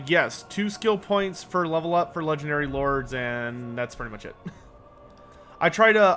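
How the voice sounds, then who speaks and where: A man's voice: on the high side, bright, forceful tone. A man streaming a strategy game, chatting casually and joking while he answers his chat. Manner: laid-back, joking, answers chat questions.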